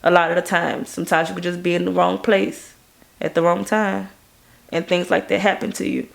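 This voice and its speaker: A woman from Baton Rouge speaks with a gravelly, fry-tinged edge in her voice. She tells stories in a casual interview as a music video director, with animated energy. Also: a little fast. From Baton Rouge, Louisiana. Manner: animated, acts out quoted people in a higher voice.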